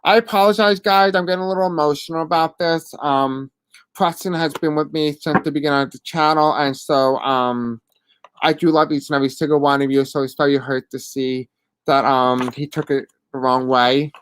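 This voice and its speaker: A host with a deaf accent gives live readings and answers chat questions in a halting, apologetic way with many fillers. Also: medium pitch, fairly even intonation, clean tone.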